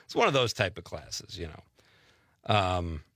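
Male talk radio host, casual storyteller, bright tone, close dry mic. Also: deep voice, sing-song, measured pace, no room sound. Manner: chatty, laughs easily, tells anecdotes. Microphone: studio microphone.

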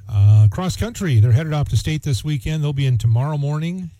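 A man's voice: fairly high pitch, animated, a little fast, dark tone, no room sound. A man hosting a morning radio show in casual, joking chat, rambling with lots of fillers.

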